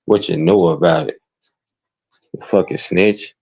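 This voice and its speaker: Man, Chicago accent, profane commentary rant, high squeals, dull lo-fi recording. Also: measured pace, vocal fry, darkish tone, slightly rough. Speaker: commentary streamer. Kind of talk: ranting commentary. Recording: dull lo-fi sound.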